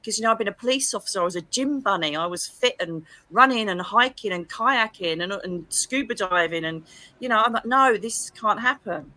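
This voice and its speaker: A middle-aged English woman, a psychic medium guest, telling her story in an interview with a lively, expressive manner. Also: mid-range voice, fairly quick, no room sound. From England. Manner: lively, expressive, acts out quoted dialogue.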